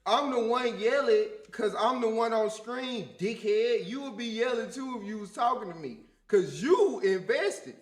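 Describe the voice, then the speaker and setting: A man with a Memphis accent, co-hosting a live reaction stream, talking loud and profane in heated casual banter. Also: very high voice, expressive, unhurried, hardly any pauses, roomy sound. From Memphis, USA. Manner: loud, big-mouthed, profane, argumentative.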